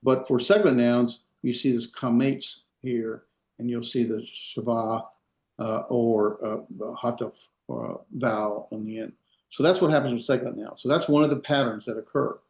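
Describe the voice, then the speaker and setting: This Hebrew teacher speaks at a moderate pace with a medium-pitched, steady, slightly mellow voice. He walks the class through the material one step at a time, filling pauses often and asking whether everyone is keeping up. The lecture is recorded in a room with noticeable echo.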